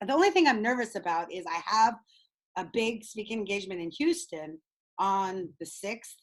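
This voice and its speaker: A woman leading a group coaching call over video, bubbly and excitable, laughing often. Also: medium pitch, moderate pace, low-quality recording. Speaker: speaking coach.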